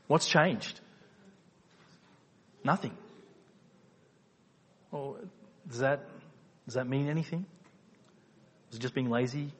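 A man preaching a sermon, asking rhetorical questions and repeating phrases for emphasis, moving between quiet low stretches and loud emphatic peaks. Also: measured pace, pauses often, breathy edge. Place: church hall. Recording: reverberant hall.

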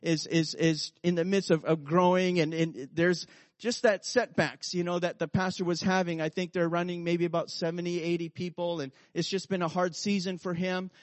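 A man's voice: sits high, flat delivery, moderate pace, dry recording. A man pastor preaching a sermon full of personal stories, fervent and repeating "you know" and "come on".

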